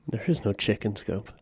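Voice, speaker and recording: A man's voice: fairly low pitch, husky, no echo, studio quality. A man co-hosting a podcast in casual chat, laid-back and profane, laughing often. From Canada. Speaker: podcast co-host.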